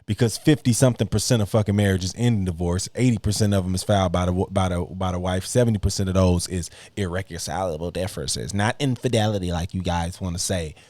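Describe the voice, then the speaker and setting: A man's voice: low voice, quick pace, few pauses, darkish tone, dry recording. A man hosting a podcast, reacting to clips in blunt, profane casual commentary and laughing mockingly.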